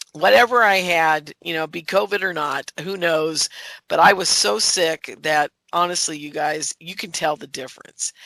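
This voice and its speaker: A woman's voice: fairly low pitch, creaky, sharp tone, no echo, rough recording. A woman in her sixties from the United States, talking casually and indignantly straight to her viewers in a rambling monologue. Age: 60s. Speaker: show host. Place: California.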